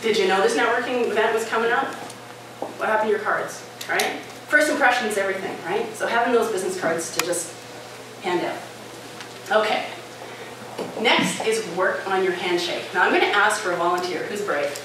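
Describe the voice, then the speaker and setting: A woman giving a live talk at a conference, conversational and lively, often checking in with "right?" and "okay?". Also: medium pitch, normal speed. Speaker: conference speaker. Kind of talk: live presentation to an audience. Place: conference room with audience. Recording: echoey, distant hall recording with noise.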